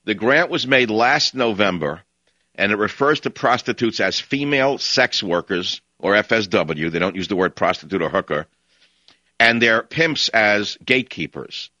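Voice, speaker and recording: A man's voice: on the low side, expressive, moderate pace, bright, forceful tone, dry recording. A man hosting a talk radio show, delivering an opinionated monologue with a sarcastic, combative edge, heard over muffled lo-fi broadcast audio.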